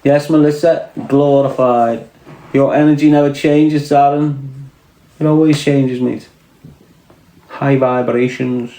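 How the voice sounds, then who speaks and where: A man's voice: fairly high pitch, flat delivery, measured pace, mellow, echoey room. A man with a Scouse accent hosting a casual livestream, trading crude, swearing, mocking banter with his chat. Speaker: livestream host reading chat.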